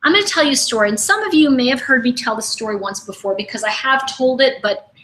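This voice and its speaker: Woman, middle-aged, bright tone, animated webinar teacher, chatty storytelling. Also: high-pitched, fast talker, low-quality recording. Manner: animated, conversational, asks the audience questions. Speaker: intuition coach. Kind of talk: webinar teaching with personal stories. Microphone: webinar microphone.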